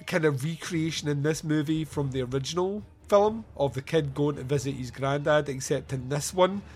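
A man hosting a podcast, chatting casually about a film, laughing often and acting out lines in silly voices. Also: a little high. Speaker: podcast host. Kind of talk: casual film review chat.

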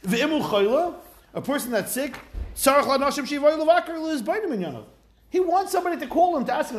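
Male Torah teacher, lively and conversational, fairly high voice. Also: a little fast. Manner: lively, conversational, mixes Hebrew phrases into English. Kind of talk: informal Torah class.

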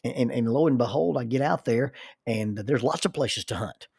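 A man's voice: mid-range voice, fairly quick, vocal fry, darkish tone, husky, dry recording, studio quality. A middle-aged man, telling folksy personal stories and often repeating words as he starts a sentence. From southern United States. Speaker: storyteller. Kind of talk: personal storytelling.

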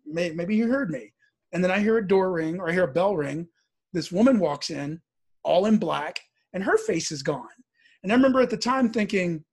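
In casual spoken storytelling, a man from the Midwest shares a personal anecdote in an easygoing, conversational manner. His voice has a husky edge and sits high for a man, and he acts out the characters to liven it up.

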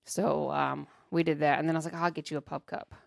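A woman co-hosting a podcast in casual chat, telling stories in an animated way and often laughing. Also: low-pitched, fairly quick, creaky, no room sound, studio quality. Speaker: podcast co-host. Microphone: dynamic podcast microphone.

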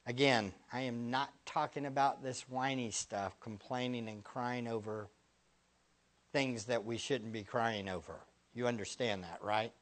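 A male pastor preaching a sermon, dropping to hushed near-whispers and then climbing to loud, emphatic rhetorical questions he repeats for effect. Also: mid-range voice, fairly even intonation, a little slow.

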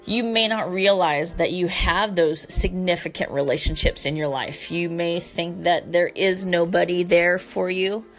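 A woman's voice: on the low side, fairly even intonation, a little slow, few pauses, faint music behind. A woman hosting a solo talk show, speaking earnestly and from the heart to her listeners, with the odd casual swear word. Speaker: podcast host.

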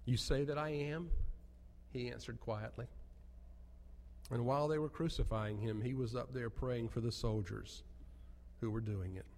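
A male pastor delivers an earnest sermon, pushing his phrases up to emphatic peaks. His voice is dark and mellow, and it rings out with the long reverb of a church sanctuary. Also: mid-range voice, normal speed, vocal fry.

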